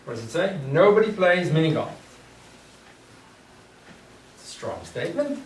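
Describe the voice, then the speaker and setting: A man lectures a classroom at an unhurried pace, stopping to ask his students questions as he works through ideas. He is picked up from a distance in an echoey room, with clear noise behind him. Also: a little high, big pitch swings. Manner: thinks aloud, poses questions to the class. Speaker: teacher.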